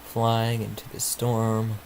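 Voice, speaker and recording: A man's voice: on the low side, completely flat delivery, slow pace, gravelly, a little mellow, a little hiss or hum, low-quality recording. A man hosting an informal live stream, rambling and muttering to himself as he waits for updates, sounding sleepy. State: sleepy, yawning. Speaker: livestream host. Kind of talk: casual live commentary.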